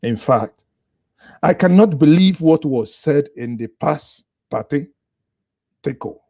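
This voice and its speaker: A man's voice: a little high, lively intonation, unhurried, dark tone, dry recording, studio quality. A male commentator reacting to a clip with sarcastic, chatty asides. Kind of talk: casual commentary.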